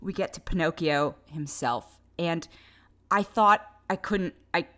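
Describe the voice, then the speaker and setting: A woman's voice: on the low side, a little slow, a bit bright. A woman giving a casual, opinionated film review in an exasperated, sarcastic way, with laughs between her complaints.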